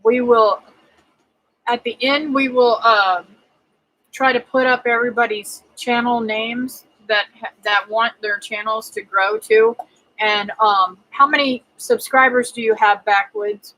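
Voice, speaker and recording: Chatty bright-voiced woman greeting viewers. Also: a little high, fairly even intonation, measured pace, rough recording. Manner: chatty, greets viewers by name, many fillers. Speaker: homesteading livestream host. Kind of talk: casual livestream chat reading viewer comments.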